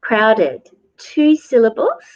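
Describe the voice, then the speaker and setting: A woman teaching English grammar, speaking very slowly and deliberately so learners can follow. Her voice is lively and rises and falls a lot on each example word. The recording sounds dull and lo-fi. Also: a little high. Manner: slow, deliberate, repeats words for learners. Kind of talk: slow grammar lesson.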